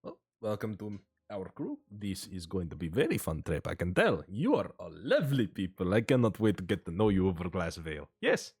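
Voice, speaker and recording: A man's voice: low voice, big pitch swings, normal speed, few pauses, darkish tone, slightly rough, dry recording, studio quality, exaggerated voice. A man voicing a boisterous male satyr ship captain in a put-on French and Eastern European accent, hearty and repetitive. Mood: grudging hearty. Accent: put-on French-Eastern European mix. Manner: hearty, welcoming, repeats himself. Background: pirate music.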